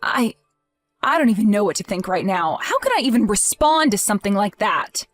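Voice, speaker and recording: A woman's voice: medium pitch, very animated, brisk, dry recording, soft background music. A woman playing a grieving, indignant young wife in a voiced text-message drama, emotional and accusing.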